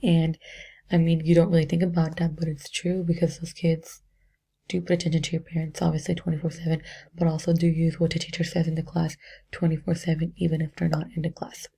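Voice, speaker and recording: A woman's voice: deep voice, completely flat delivery, a little fast, gravelly, mellow, husky. A young woman, an education student, casually reflecting on a book chapter in a chatty way with many fillers. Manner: chatty, filler-heavy, self-correcting.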